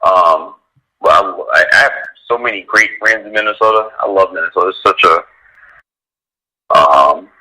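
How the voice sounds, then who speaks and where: Male radio guest, dog trainer; bright, cutting tone; casual, rambling, animated storyteller. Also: unhurried, long pauses, low-quality recording. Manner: animated storyteller, heavy use of "like", acts out quotes in a higher voice.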